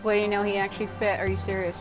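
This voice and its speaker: A man's voice: high voice, flat delivery, racing, music in the background, rough recording. A man casually commenting while he plays a video game, speaking bluntly and swearing, with game sound behind him. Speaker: gaming streamer. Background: game audio.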